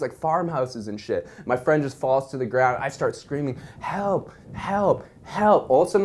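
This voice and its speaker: A young man telling a wild story in a casual, animated way, swearing constantly. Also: medium pitch.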